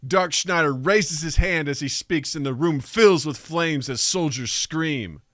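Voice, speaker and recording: A man's voice: a little high, a little slow, a bit bright, no room sound, clean studio sound. A man co-hosting a comedy podcast, narrating an anime parody with sarcastic asides and rambling jokes.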